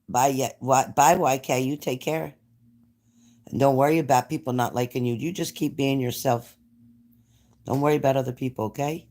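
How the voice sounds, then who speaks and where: A man's voice: mid-range voice, darkish tone. Chatty New man on a livestream. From New Jersey. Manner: chatty, reads out and answers viewer comments. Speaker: livestream host. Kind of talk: casual livestream chat with viewers.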